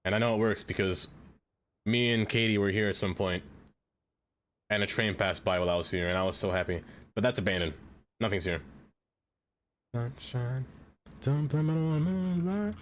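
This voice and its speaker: A man's voice: deep voice, steady tone, a little fast, pauses often, a bit bright, slight background noise. A young man from the Allentown area chatting casually with his stream chat while playing a city-building game. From Allentown area, Pennsylvania. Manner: chatty, greets chat, laments abandoned rail. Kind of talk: casual gameplay commentary.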